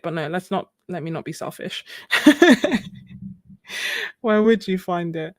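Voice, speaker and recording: A young woman with a lowish voice talks casually to her viewers while she paints, answering their comments and laughing often. The sound is dry and close, with no room around it. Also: animated, unhurried, long pauses, no echo. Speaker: live-stream art host. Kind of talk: casual chat while painting on a live stream.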